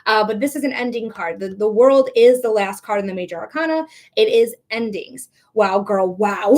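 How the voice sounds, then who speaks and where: A woman's voice: a little high, a little fast, few pauses, a little mellow. A woman giving live tarot readings on a stream, chatty and encouraging, talking straight to her viewers. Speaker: psychic reader.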